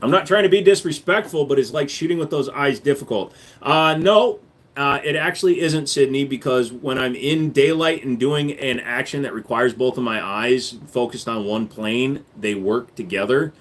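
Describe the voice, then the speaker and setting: Brief: blunt, profane male streamer, mid-pitched voice, casual chat Q&A. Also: moderate pace, a bit bright. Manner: blunt and profane, with loose fillers. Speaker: gun channel host. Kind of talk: casual livestream Q&A reading chat.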